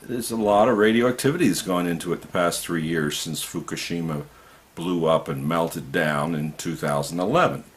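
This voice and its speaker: A man's voice: low voice, normal speed. A man giving an impassioned political monologue to camera, indignant and ranting, often rising to outbursts. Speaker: video commentator.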